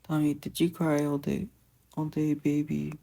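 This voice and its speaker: A gentle, doting teenage brother, voiced by a fan fiction reader speaks in a soft, coaxing and teasing way. The delivery is slow and mellow, with a gravelly edge, like a bedtime audiobook. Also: medium pitch, flat delivery. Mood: tender.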